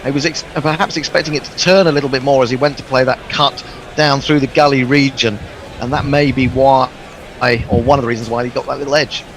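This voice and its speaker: A man's voice: medium pitch, steady tone, brisk, a little hiss or hum. Chatty man co-commentating on cricket. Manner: musing, chatty, hesitant with fillers. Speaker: co-commentator reading listener messages. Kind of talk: live sports commentary chat.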